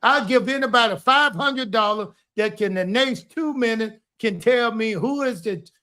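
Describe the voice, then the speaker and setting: A man's voice: extremely high pitch, moderate pace, pushed and bright. A man co-hosting a casual podcast chat as a former wrestler, boastful and teasing as he talks over the others.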